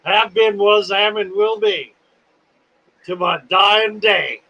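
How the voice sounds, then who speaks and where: A man's voice: high voice, fairly even intonation, takes it slowly, pushed and bright, muffled recording. A man in his seventies hosting a livestream in a casual, folksy, rambling way, phlegmy and coughing now and then. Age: 70s. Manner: folksy, rambling, self-deprecating. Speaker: host.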